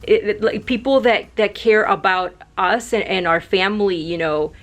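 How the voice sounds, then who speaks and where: Young woman vlogger, emotional and grateful, loose rambling delivery, medium pitch. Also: normal speed. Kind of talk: casual talk to camera.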